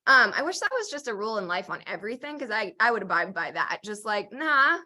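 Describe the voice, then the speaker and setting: A woman's voice: medium pitch, very animated, fast talker, pushed and bright. A young woman from Oregon hosting a podcast, chatting casually and joking about herself, with lots of "like" and "um". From Oregon, US Pacific Northwest. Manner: chatty, self-deprecating, lots of "like" and "um". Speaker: podcast host. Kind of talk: casual chat.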